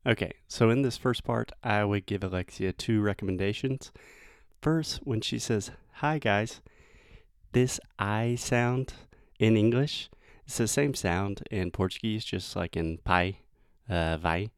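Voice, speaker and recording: A man with a Southern US accent, an English teacher giving pronunciation feedback and slowly modelling the sounds. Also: fairly low pitch, clear, resonant tone, dry recording, studio quality.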